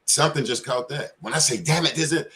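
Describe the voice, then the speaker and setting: A man's voice: medium pitch, quick pace, a bit bright. A man in casual panel talk, telling loose, profane stories full of slang. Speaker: community panelist.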